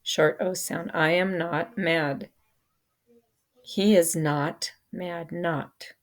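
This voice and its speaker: A woman teaching an English reading lesson, saying each word slowly and then spelling it out letter by letter. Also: lowish voice, steady tone. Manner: spells words letter by letter, deliberate. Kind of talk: slow phonics lesson.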